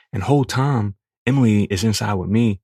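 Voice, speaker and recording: A young man, hosting a podcast and telling a crude, profane story in a casual, animated way. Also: on the low side, normal speed, no room sound, clean studio sound. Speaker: podcast host.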